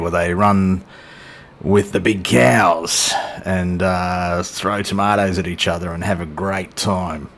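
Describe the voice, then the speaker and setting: A middle-aged man flies in a flight sim, hosting the video with casual, chatty, self-deprecating commentary and jokes aimed at a silent co-pilot. His low voice moves a little slowly.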